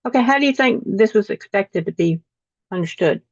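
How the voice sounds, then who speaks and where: A woman's voice: medium pitch, animated, fairly quick, dry recording. A woman teaching a class over a video call, reading lesson text aloud and often repeating words after slips. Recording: dull, dry video call audio.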